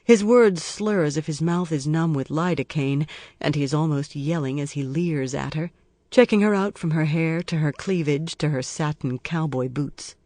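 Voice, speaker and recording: An audiobook narrator reading a crime thriller in a measured, even storytelling manner. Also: medium pitch, no echo.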